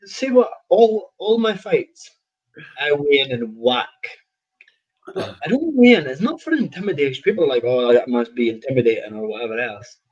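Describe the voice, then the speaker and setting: A man's voice: on the high side, wildly swooping pitch, moderate pace, slightly rough, muffled recording. A man, a professional boxer telling stories in a casual interview, rambling with restarts and laughing at himself.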